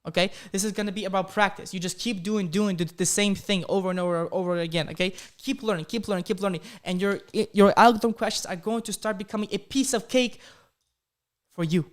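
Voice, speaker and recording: A man's voice: high-pitched, steady tone, brisk. A man with a slight accent coaching viewers in a live training, upbeat and repetitive, often checking in with "okay?" and "right?". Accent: slight foreign accent. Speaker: coding career coach hosting a live training. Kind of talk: live-streamed motivational coaching talk.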